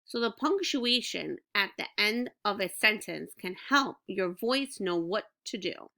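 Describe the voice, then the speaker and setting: A woman teacher giving a reading lesson to young children, speaking slowly and clearly in an encouraging way. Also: medium pitch, expressive, bright, forceful tone. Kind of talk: recorded classroom reading lesson.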